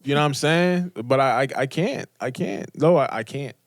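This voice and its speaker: A young man co-hosts a relaxed chat show, trading laid-back, slangy banter and short reactions. His voice sits in a middle pitch, heard close and dry. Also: normal speed, no room sound. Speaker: podcast co-host. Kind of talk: casual chat.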